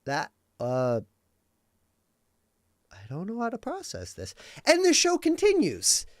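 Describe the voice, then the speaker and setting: A man in his thirties rambles through a casual live-stream chat, cursing freely and tossing in plenty of likes and uhs. His voice swings widely up and down in pitch as he talks. The sound is dry, with no room echo. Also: slow pace. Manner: rambling, animated, swears freely, many fillers.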